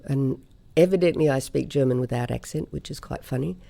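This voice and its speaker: A woman's voice: rumbling low, vocal fry, dark tone. A middle-aged woman from Australia, a singer telling stories in a casual interview and laughing easily. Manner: chatty storyteller, quick to laugh.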